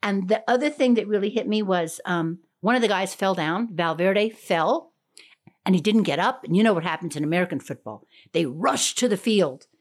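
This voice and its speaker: Lively, chatty woman co-host. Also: mid-range voice, moderate pace. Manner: chatty, amused, laughs often. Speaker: co-host of a gardening podcast. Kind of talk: casual chat.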